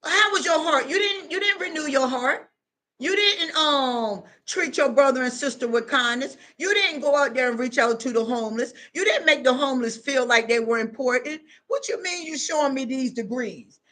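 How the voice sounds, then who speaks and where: A woman's voice: high-pitched, moderate pace, bright, forceful tone. A woman voicing a stern, dismissive male God who scolds in short, curt lines. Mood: scolding.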